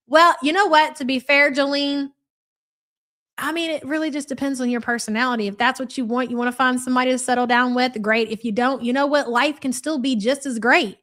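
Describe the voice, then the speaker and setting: A woman's voice: sits high, steady tone, a little fast, a bit bright. A woman hosting a live reaction stream, reading chat and ranting in a blunt, profane, mocking way. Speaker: livestream reaction host.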